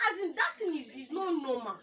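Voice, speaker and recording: High-voiced Nigerian woman telling a lively story. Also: fairly quick. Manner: animated storyteller acting out quoted people. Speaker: co-host. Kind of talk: casual chat. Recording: far from the mic, with music behind.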